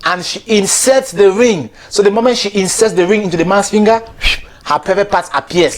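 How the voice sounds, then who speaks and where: Guy with a high voice riffing a preachy comedy bit, keeps repeating himself and chuckling. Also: sing-song, brisk, a little hiss or hum. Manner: preachy, chatty, repeats himself and laughs between lines. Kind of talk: comic monologue.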